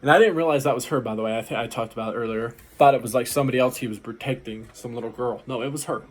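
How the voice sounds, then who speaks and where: A tired man hosting an anime reaction, talking in a loose, rambling way late at night. His voice sits in a middle pitch and he wanders through his thoughts with fillers. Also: rapid-fire. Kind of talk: casual reaction commentary.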